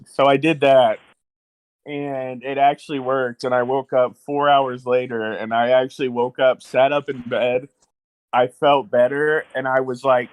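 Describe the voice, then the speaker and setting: A man's voice: medium pitch, fairly even intonation, normal speed, no room sound, rough recording. A young man telling a personal story in a casual podcast chat, rambling with lots of fillers and restarts. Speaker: guest.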